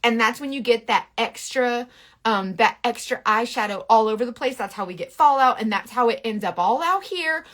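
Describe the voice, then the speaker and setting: A bright-voiced woman with a twang talks through a makeup tutorial to camera. She is frank and bossy in a playful way, tossing in quick asides as she goes. Her voice sits a touch high. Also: lively intonation. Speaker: makeup influencer.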